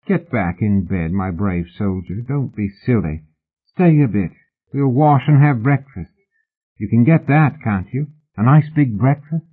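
A man's voice: medium pitch, expressive, measured pace. A male reader voicing a tired, tipsy young woman who coaxes and wheedles, in an audiobook. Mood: coaxing. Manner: wheedling, coaxing. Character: drowsy coaxing young woman of the night. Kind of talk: audiobook character voice. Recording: husky voice on a tinny phone-like line.

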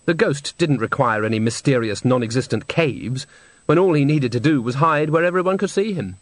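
A man reading a novel aloud with measured, wry storytelling. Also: mid-range voice, expressive, no room sound. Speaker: audiobook narrator. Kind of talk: scripted narration. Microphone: close studio mic.

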